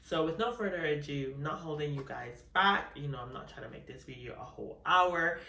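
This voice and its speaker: A woman's voice: low-pitched, brisk, creaky, pushed and bright, echoey room, far from the mic. A woman chatting casually in an unboxing vlog, sassy and flamboyant, calling her viewers honey. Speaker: vlogger.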